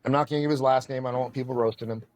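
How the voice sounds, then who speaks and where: A man telling stories as a podcast guest, animated and self-deprecating as he talks about his karate training. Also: mid-range voice, very fast. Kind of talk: storytelling in casual conversation.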